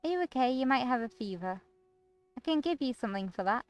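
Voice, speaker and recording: A woman's voice: on the high side, animated, fast talker, lo-fi sound, pitched above the performer's own voice, lightly acted. A woman voicing a sweet, doting but controlling young woman from a visual novel, in a syrupy, fussing voice. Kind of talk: reading a visual novel aloud.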